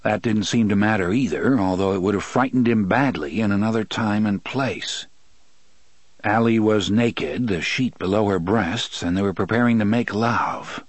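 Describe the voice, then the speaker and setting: Male narrator, low voice, dry close recording, measured read. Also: no room sound. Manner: measured, even storytelling. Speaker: audiobook narrator. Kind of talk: scripted narration.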